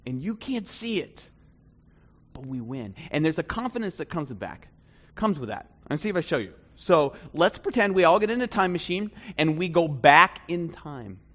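A man preaching a conversational sermon, swinging between loud bursts and hushed asides. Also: a little high, big pitch swings, normal speed. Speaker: pastor.

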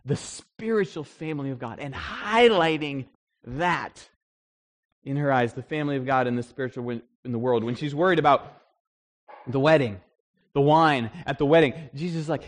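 A man preaching a sermon in an animated way, acting out the voices he quotes. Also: mid-range voice, normal speed. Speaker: pastor.

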